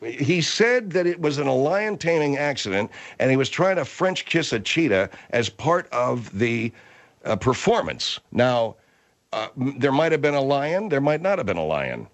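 A man hosting a comedic radio talk show, exasperated and deadpan with his guests. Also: mid-range voice, normal speed.

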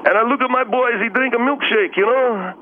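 A man calling in to a talk show, telling a rambling story in halting, broken English with emotional outbursts. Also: extremely high pitch. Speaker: caller. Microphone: telephone. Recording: phone line with faint hiss.

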